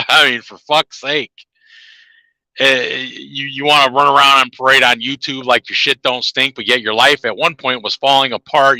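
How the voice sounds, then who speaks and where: A man's voice: medium pitch, sharp tone, no echo, poor audio. A man ranting in a heated, profane monologue to his viewers, laughing at his own jabs. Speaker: channel host.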